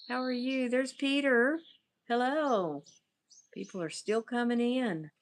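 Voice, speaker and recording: A woman's voice: medium pitch, a little hiss or hum. A middle-aged woman with a Southern accent, hosting a casual livestream outdoors and rambling through viewer comments. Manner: rambling, riffs without a topic, reads viewer comments. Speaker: livestream host and therapist. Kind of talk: casual livestream chat, reading comments aloud.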